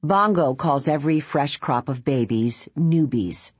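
Low husky woman reading an audiobook, slow and expressive, dry studio sound. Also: dry recording. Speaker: audiobook narrator. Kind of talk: scripted narration.

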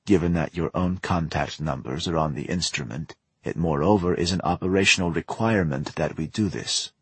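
A stern, menacing Russian spy, a woman officer issuing orders in an audiobook, voiced by a male narrator. The delivery is very deep and husky. The sound is dry and close. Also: moderate pace, no room sound, exaggerated voice.

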